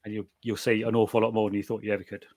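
A middle-aged British man chatting casually, telling animated stories with many restarts and the odd swear word. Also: lowish voice, very fast, no echo, studio quality. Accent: British English. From Britain. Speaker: guest reviewer of night vision gear. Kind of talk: casual chat.

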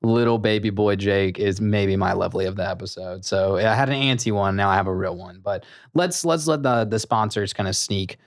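A man's voice: fairly low pitch, brisk, few pauses, dry recording, studio quality. A man hosting a casual podcast, joking and playful as he talks. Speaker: podcast host. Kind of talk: casual chat.

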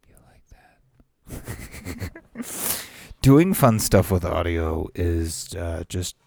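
A man's voice: deep voice, animated, very slow, creaky, a little mellow, no echo. A man hosting a casual solo podcast, rambling, laughing often and swearing casually. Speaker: podcast host, aspiring voice actor.

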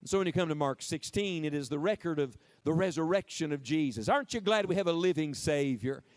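High-voiced man preaching with call-and-response. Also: expressive, no room sound. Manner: call-and-response, drawn-out emphatic words. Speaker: preacher at a camp meeting. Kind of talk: lively interactive sermon.

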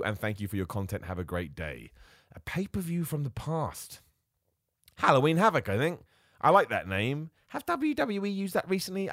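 A man hosting a solo wrestling podcast, talking in an excitable, self-mocking way and jumping between ideas. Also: medium pitch, no room sound, clean studio sound. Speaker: podcast host.

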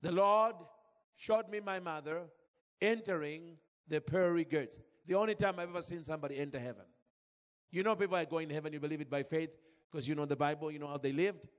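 A man's voice: fairly high pitch, a little fast, big-room sound. A man from Zambia preaching a sermon, telling a personal story with feeling and calling out to the congregation. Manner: emotional storytelling, calls out to congregation.

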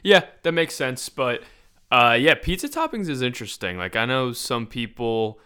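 Bright, clear-voiced easygoing man. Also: medium pitch, big pitch swings, moderate pace. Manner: easygoing, rambling, defends his opinions. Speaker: podcast host. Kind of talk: casual chat.

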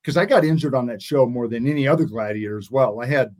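A man's voice: mid-range voice, quick pace, darkish tone. A man in his sixties, a guest in an interview, telling stories in a rambling way and often restarting his sentences. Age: 60s. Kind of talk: casual interview storytelling.

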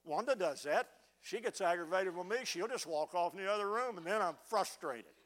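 A man's voice: high-pitched, lively intonation, brisk, a bit bright. A middle-aged man preaching a fervent sermon, often stammering as he restarts words. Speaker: pastor. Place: church sanctuary.

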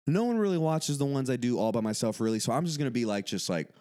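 A man's voice: mid-range voice, lively intonation, fast talker, a little mellow. Profane, rambling man in his twenties. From Houston, USA. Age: 20s. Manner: loose, profane, rambling with frequent fillers and laughter. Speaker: podcast host and comedian. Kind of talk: casual podcast chat.

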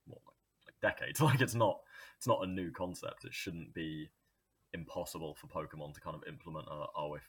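Deep husky-voiced lively man. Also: brisk. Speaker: podcast guest. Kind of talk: casual gaming chat.

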